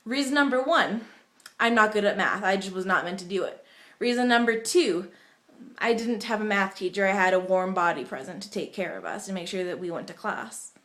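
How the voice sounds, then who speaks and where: A woman's voice: mid-range voice, a little fast, fairly bright tone. Chatty young woman vlogging at home. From United States. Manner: chatty, rambling, many fillers. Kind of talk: casual vlog storytelling.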